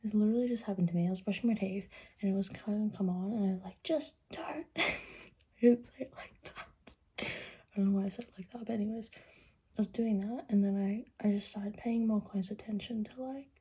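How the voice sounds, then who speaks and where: A woman's voice: mid-range voice, fairly even intonation, fast talker, dark tone, husky. A young woman vlogging in casual, rambling chat, swearing freely and often dropping into a whisper. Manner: rambling and profane, drifts into whispers.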